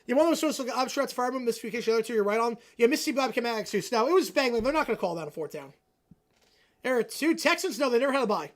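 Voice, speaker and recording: A man talks off the cuff to his live stream audience, answering chat as it comes in. His voice is very lively, leaping up in loud bursts of frustration and then dropping to low, mumbled remarks. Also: rapid-fire. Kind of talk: casual live reaction chat.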